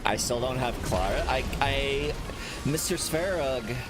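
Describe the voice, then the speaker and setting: A man's voice: mid-range voice, unhurried, over loud music. A man giving casual gameplay commentary, joking, self-mocking and swearing as he reacts to the game. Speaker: gaming streamer.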